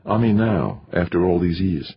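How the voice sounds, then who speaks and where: Teasing curious crewmate, guy putting it on, raspy voice bouncing around in pitch, muffled sound. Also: expressive, moderate pace, heavily acted. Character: joking, curious crew member, casual.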